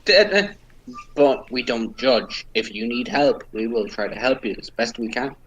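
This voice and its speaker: A man's voice: medium pitch, lively intonation, unhurried, fairly bright tone, rough recording. A man playing his character in a tabletop game, earnest and hesitant, often stammering. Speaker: player.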